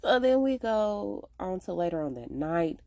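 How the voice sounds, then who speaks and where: A woman hosting a podcast, casually recapping a TV episode in a slangy, animated way and acting out the characters' lines. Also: a little slow, no echo, studio quality. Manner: animated, slangy, acts out characters' lines with big pitch jumps.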